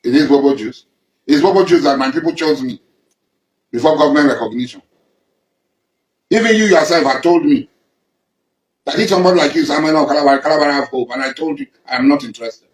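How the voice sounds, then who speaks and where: Accusing Nigerian man, echoey room. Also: mid-range voice. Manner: accusing, emphatic, repeats lines for force. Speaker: traditional ruler and political figure. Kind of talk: confrontational public address.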